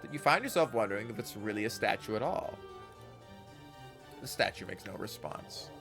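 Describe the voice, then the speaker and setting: A man's voice: mid-range voice, lively intonation, brisk, fairly bright tone, soft background music. A man streaming a game, reading its text aloud and rambling casually with his chat, correcting himself as he goes.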